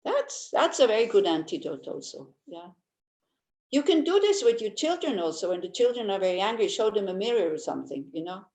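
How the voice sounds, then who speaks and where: A woman's voice: medium pitch, big pitch swings, brisk. Older woman teaching in a roomy space. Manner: chatty and anecdotal, with frequent restarts; warmly humorous, laughs easily. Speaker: Buddhist teacher. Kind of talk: informal Dharma teaching. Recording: roomy echo.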